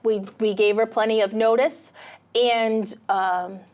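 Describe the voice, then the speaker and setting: Lively storytelling woman. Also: on the high side, takes it slowly, dull audio. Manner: animated storyteller, acts out quotes. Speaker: podcast co-host, real estate agent. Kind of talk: casual podcast chat.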